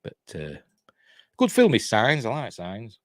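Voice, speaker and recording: A man's voice: lowish voice, wildly swooping pitch, measured pace, no room sound. A Yorkshire man in his fifties recapping a horror film in a casual, digressive way, with chuckling asides. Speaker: film reviewer.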